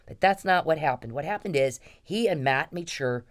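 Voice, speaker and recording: A woman delivering an angry, profane monologue in a forceful, ranting manner. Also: low-pitched, expressive, brisk, hardly any pauses. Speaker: complainant.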